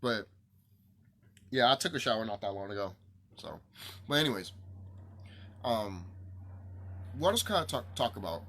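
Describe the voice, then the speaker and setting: A man's voice: on the low side, expressive, moderate pace, long pauses, fairly bright tone. A man vlogging to camera in a rambling, profane monologue, repeating himself and ranting, his sinuses stuffed up.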